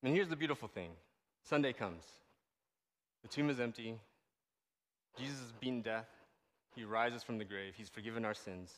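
A man's voice: medium pitch, moderate pace, long pauses, big-room sound. A man giving a casual, conversational sermon as a pastor, often checking in with the audience. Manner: animated, conversational, asks the audience "right?" often.

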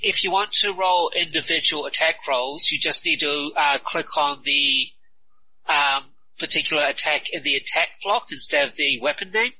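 A man's voice: fairly high pitch, expressive, normal speed, vocal fry, sharp tone, slight background noise, low-quality recording. A man playing in a tabletop game, chatting casually and patiently explaining how to roll attacks. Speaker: player.

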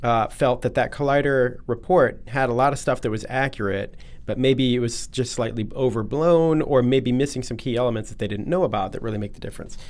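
A man co-hosting a podcast in casual chat, talking in an animated, chatty way and keeps addressing his co-host by name. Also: medium pitch, fairly quick.

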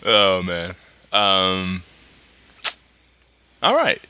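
A young man co-hosting a comedy podcast, with a very bright, sharp tone. He rambles and laughs a lot between jokes. His pitch jumps wildly from low to high. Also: very animated, drawn-out words, smooth, lo-fi sound. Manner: rambling, laughs often, puts on silly voices. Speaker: podcast co-host. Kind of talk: casual comedy podcast banter.

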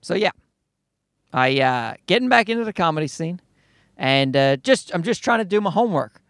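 Animated Newfoundland man with a high voice. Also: normal speed, no echo, studio quality. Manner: rambling, profane, self-mocking storyteller. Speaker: comedian and podcast host. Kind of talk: casual solo podcast monologue.

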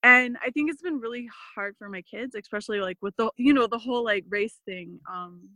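A woman's voice: a little high, fairly quick, dry recording, poor audio. A woman in her thirties, a podcast guest, telling family stories in casual, filler-heavy chat. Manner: chatty, many fillers, animated quoting. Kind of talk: casual interview storytelling.

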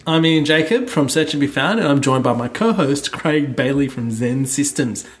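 Upbeat man hosting a podcast. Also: mid-range voice. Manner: upbeat, brisk, steers the conversation. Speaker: podcast host. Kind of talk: casual podcast chat.

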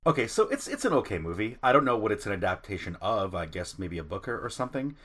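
A man with a very low voice chatting on a podcast panel. He sounds offhand and a little unsure of himself, padding his points with filler. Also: big pitch swings, fast, a bit bright. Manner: offhand and uncertain, with plenty of filler. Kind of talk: casual chat.

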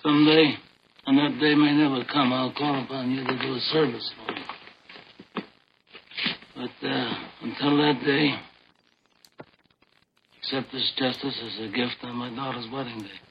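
A soft-spoken older mob boss, as an actor plays him, slow and menacing and low in volume. The clip sounds dull and lo-fi, with faint hiss underneath. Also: male voice, fairly even intonation, lightly acted. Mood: quietly menacing.

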